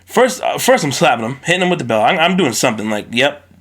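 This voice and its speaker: A man's voice: fairly high pitch, fast, husky. Man ranting on a phone-recorded podcast. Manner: animated, profane, ranting. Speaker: podcast host. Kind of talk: solo podcast rant.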